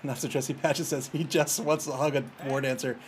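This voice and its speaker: A man's voice: medium pitch, steady tone, normal speed, a little hiss or hum. A man casually commentating his own video game match, taunting his opponent and chatting with viewers. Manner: banters with chat, taunts opponents, laughs.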